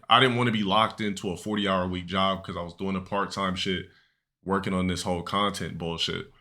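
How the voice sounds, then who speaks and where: A man's voice: low-pitched, sharp tone. A young man streaming live, telling a long, rambling, profane story to his chat with many restarts and fillers.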